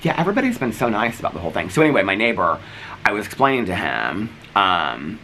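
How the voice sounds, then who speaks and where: A man's voice: on the low side, very animated, quick pace, pushed and bright, faint music behind, poor audio. A man vlogging in casual chat, rambling as he retells stories and acts out what people said. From United States. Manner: rambling, retells scenes acting out each line.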